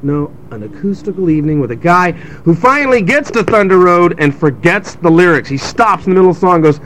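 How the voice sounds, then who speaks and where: A man's voice: high-pitched, expressive, fairly quick, fairly bright tone, a little hiss or hum, low-quality recording. A young adult man telling a rambling, sarcastic story in casual chat, mimicking people as he goes. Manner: sarcastic, mimics crowd voices, rambling with restarts.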